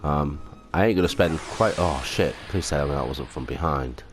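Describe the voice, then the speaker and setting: At normal speed and in a very deep voice, a man rambles through a casual let's play from home. Lots of ums and self-mockery fill his gameplay commentary, with game music underneath.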